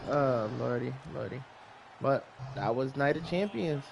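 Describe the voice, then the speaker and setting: A man co-hosting a casual wrestling podcast, easygoing and quick to laugh. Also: mid-range voice, lively intonation, creaky, background noise. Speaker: podcast co-host.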